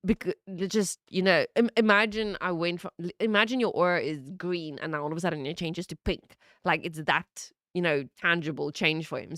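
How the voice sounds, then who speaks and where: A woman in her thirties streaming from home, telling a story in an animated way, laughing and swearing. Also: no echo, clean studio sound. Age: 30s. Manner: animated, laughing, swearing, lively pitch jumps. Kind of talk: casual storytelling chat.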